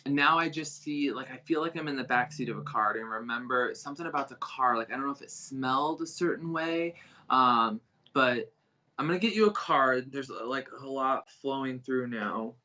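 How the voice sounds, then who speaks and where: A man with a bright, forceful voice gives a live online psychic reading. He feels his way along, halting and restarting. The stream audio sounds dull and lo-fi. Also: mid-range voice. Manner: halting, searching, many restarts. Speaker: psychic medium reader.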